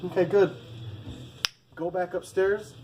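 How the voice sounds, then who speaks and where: A man voicing a loud, mocking male drill instructor who barks orders and curses at a recruit. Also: high-pitched, flat delivery, takes it slowly, muffled recording, a little hiss or hum, voice pushed up. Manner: barking, mocking, profane.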